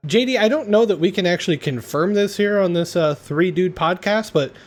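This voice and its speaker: A man with a slightly raised speaking pitch hosts a laid-back podcast. He walks through a comedy film scene by scene in an easy, conversational way. He chuckles often as he retells the moments. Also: fairly quick. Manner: laughs often while retelling. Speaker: podcast host.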